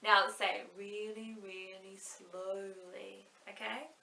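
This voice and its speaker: Bright, slow-talking children's librarian, a woman. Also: mid-range voice, flat delivery, creaky, a little hiss or hum. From Australia. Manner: cheerful, sing-song, playful with children. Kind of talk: online story time for young children. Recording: echoey room, mic at a distance.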